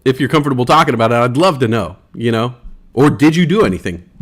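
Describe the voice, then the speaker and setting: A man's voice: medium pitch, lively intonation, quick pace. A man hosting a casual livestream in a laid-back way, reading chat aloud and laughing easily. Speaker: livestream host.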